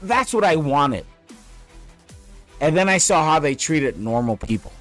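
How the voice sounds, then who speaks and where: A fed-up man vents about a bad hotel stay, blunt and profane, hammering his points by saying them twice. His voice sits a little higher than most men's. Music plays faintly under him. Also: big pitch swings, a little slow, a bit bright. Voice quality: blunt, profane, repeats himself for emphasis. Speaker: vlogger. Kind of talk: angry ranting story.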